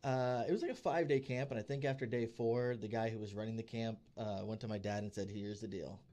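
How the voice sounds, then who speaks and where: A man's voice: medium pitch, fast talker. Chatty man telling a story. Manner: animated storyteller who acts out quoted people. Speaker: podcast co-host. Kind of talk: casual chat, storytelling. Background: podcast studio.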